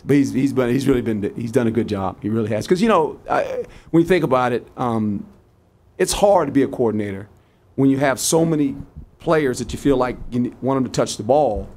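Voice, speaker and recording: A man's voice: medium pitch, expressive, fairly quick, a little mellow. An older man in his sixties, a head football coach answering press conference questions in a folksy, repetitive way, acting out his sideline exchanges.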